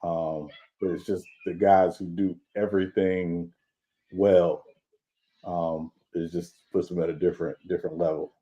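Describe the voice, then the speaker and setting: A man co-hosting a sports podcast, explaining baseball in a measured, casual way. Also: low voice, little pitch movement, dark tone, muffled recording. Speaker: podcast co-host.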